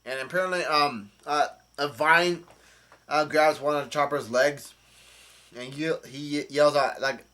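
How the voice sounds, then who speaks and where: A man's voice: fairly high pitch, steady tone, a little slow, bright, forceful tone. A man casually recapping a comic chapter, rambling with many fillers and restarts. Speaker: channel host.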